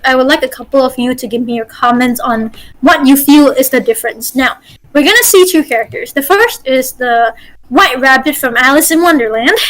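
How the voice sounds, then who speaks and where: Chatty lady dm running an online voice workshop, kinda high voice, lots of likes and ums. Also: a bit bright, low-quality recording. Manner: chatty, full of fillers and restarts. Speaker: game master teaching a voice acting workshop. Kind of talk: casual online workshop teaching.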